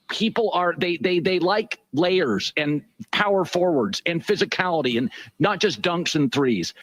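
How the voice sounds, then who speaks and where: A man with a high, lively voice hosting a sports talk show. He lays out his opinions at length, rambling through filler words. The sound is dry and close. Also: no echo. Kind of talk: broadcast interview question.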